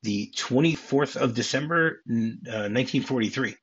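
A man's voice: medium pitch, moderate pace, husky, highs cut off. A man co-hosting a podcast, chatting casually and explaining film scenes and trivia at length. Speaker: podcast co-host.

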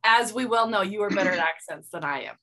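A woman's voice: mid-range voice, expressive, fast talker, a crowd in the background. A woman hosting her own podcast, chatting playfully and joking about herself. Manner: playful, self-deprecating. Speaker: podcast host. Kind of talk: casual podcast chat.

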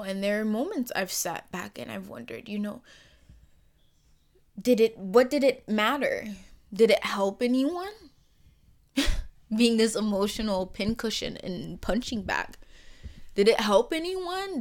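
On her own podcast, a young woman from the Caribbean speaks in a personal monologue. Her voice sits mid-pitch, alternating between pointed rhetorical questions and hushed, near-whispered asides.

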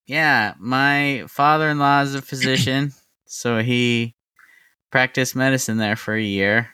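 Deadpan male podcast co-host from Arizona; bright, clear tone, relaxed slow pace. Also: medium pitch, no echo. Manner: dry, deadpan humor. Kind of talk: casual chat.

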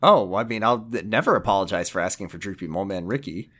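A man co-hosting a podcast, chatting playfully in quick banter. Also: fairly low pitch, lively intonation, pushed and bright. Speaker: podcast co-host. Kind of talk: casual podcast chat.

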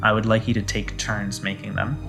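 A man narrating a tabletop game as game master, in measured, descriptive narration. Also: lowish voice, level tone, creaky, over loud music, low-quality recording.

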